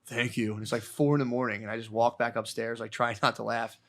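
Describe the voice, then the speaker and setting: A man's voice: mid-range voice, flat delivery, fast, a bit bright. A man hosting a podcast, telling a rambling, profane story and laughing as he goes. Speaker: podcast host. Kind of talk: casual storytelling chat.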